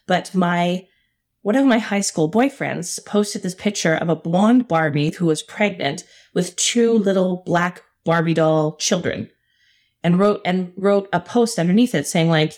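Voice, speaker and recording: Middle-aged woman guest on a podcast, kinda low voice, telling her story, earnest and emphatic, laughs a lot. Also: a little slow, darkish tone. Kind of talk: personal storytelling in an interview.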